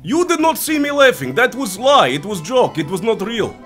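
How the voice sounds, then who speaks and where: Dude faking a russian accent, flat deadpan broken english, kinda high voice. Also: male voice, normal speed, faint music behind. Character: goofy deadpan Russian man, middle-aged. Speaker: video chat prankster. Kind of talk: comedic trolling on video chat.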